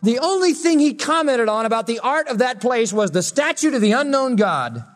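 A man's voice: extremely high pitch, big pitch swings, moderate pace. A man preaching a sermon as a pastor, with an emphatic delivery that swells and drops. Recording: long reverb of a hall.

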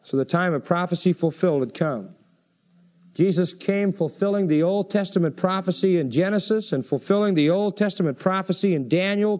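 A male preacher giving a sermon, reading scripture dramatically and acting out the voices of the people he quotes. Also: darkish tone. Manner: acts out quoted voices with big pitch swings.

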